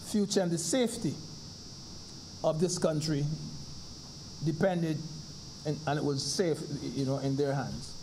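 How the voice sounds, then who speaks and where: A man's voice: on the high side, background noise. A man with a Barbadian accent, a senator closing a formal parliamentary speech in the senate chamber. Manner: formal, deliberate.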